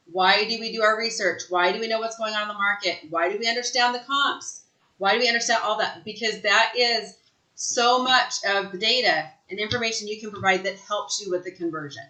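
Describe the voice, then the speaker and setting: Bright, emphatic woman sales trainer. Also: medium pitch, echoey room, rough recording. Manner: emphatic, frequent "right?" check-ins. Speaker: real estate sales trainer. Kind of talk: live training talk.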